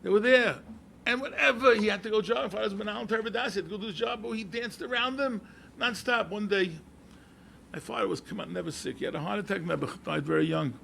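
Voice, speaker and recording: A man, a rabbi telling stories to an audience in an animated way, repeating phrases and mixing in Yiddish and Hebrew words. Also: high voice, brisk, vocal fry, slight background noise. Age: 70s. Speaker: rabbi and yeshiva head. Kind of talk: storytelling talk to an audience.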